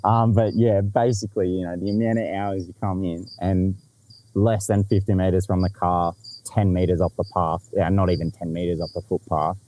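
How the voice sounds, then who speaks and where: A young Australian man hosting a podcast, telling a story in a lively, sweary, laughing way. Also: sits low, moderate pace, a little hiss or hum, low-quality recording. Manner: animated, swears freely, laughs often. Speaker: podcast host. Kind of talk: casual storytelling chat.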